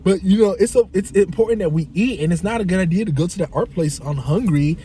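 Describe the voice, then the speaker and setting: A man tells a story straight to the camera in a casual vlog, cursing freely and acting out his friend's lines. His voice sits a little high for a man. A faint background ambience hums under the talk. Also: fast talker, slight background noise. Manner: animated, profane, imitates his friend in shifting voices. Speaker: vlogger.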